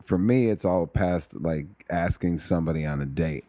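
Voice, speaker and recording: A man's voice: low voice, moderate pace, warm tone, dry recording, studio quality. A male comedian as a podcast guest in casual chat, rambling and making self-deprecating jokes.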